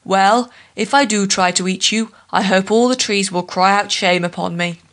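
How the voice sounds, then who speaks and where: A woman's voice: mid-range voice, normal speed, natural voice. A woman voicing a proud, hungry male lion in a storybook tale, blunt and boastful. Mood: pleading.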